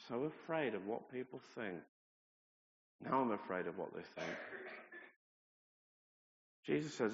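Earnest preacher in a hall. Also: male voice, mid-range voice, animated, measured pace, pauses often. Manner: earnest, conversational, with personal stories and self-deprecating asides. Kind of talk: sermon. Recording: reverberant hall, dull lo-fi sound.

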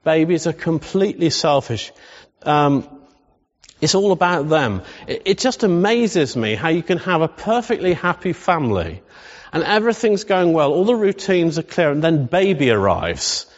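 A man with a somewhat high voice delivers a humorous, conversational sermon and keeps asking the congregation questions. His voice carries a long hall reverb, and the sound is a little dull. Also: sing-song, moderate pace. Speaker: pastor.

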